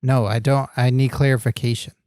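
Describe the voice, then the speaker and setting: A man's voice: medium pitch, little pitch movement, a little fast, a little mellow, dry recording, clean studio sound. A man co-hosting a comedy wrestling podcast, joking and rambling through his lines. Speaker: podcast co-host.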